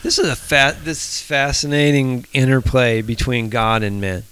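A man leading a podcast Bible study, reading scripture in a measured, deliberate way. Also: medium pitch, fairly even intonation, a bit bright, clean tone, low-quality recording.

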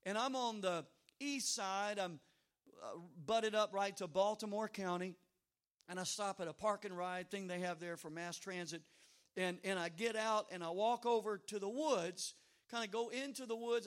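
High-voiced man preaching a lively sermon. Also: normal speed. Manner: animated storytelling with sudden loud outbursts; humorous asides. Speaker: pastor.

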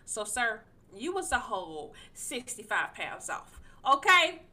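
Female podcast host, casual sports chatter, bright lively voice. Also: a little high, a little slow, a little hiss or hum. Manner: animated, slangy, playfully incredulous.

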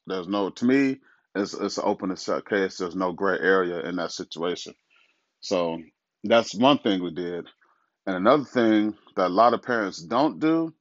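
Casting: low-voiced middle-aged dad, blunt and crude, mocking monologue host. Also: male voice, dry recording. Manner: blunt, profane, mocking, laughs at his own jokes. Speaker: parent of a pro athlete, talk host. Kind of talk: casual opinion monologue. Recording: dull lo-fi dry recording.

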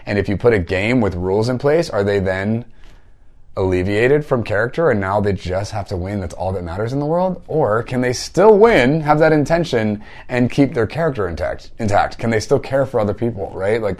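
Man, lowish voice, casual teaching talk, conversational, "right?" tags.

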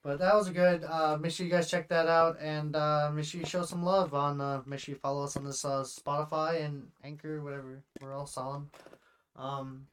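A young man co-hosting a casual podcast, swearing freely and telling stories with rising excitement. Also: on the high side, moderate pace, slight background noise. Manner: profane, animated storytelling, swears often. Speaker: podcast co-host and streamer.

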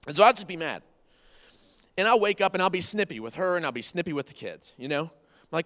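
A pastor in his thirties preaches a folksy, conversational sermon and repeats key phrases for emphasis. His fairly high, fairly bright voice moves fast but pauses often, with long hall reverb filling the room.

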